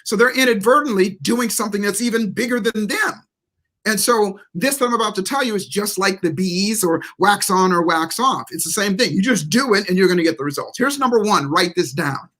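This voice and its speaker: A man's voice: high voice, expressive, moderate pace, sharp tone. A man speaking as a guest motivational speaker on a live interview show, emphatic and preacherly, repeating key words for stress.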